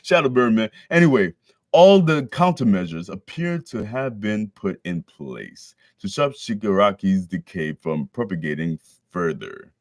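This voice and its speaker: A man's voice: low voice, very animated, measured pace, dry recording, studio quality. A man casually reading a manga chapter aloud, breaking in with slangy, joking commentary. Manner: slangy, joking asides between read lines. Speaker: manga reader.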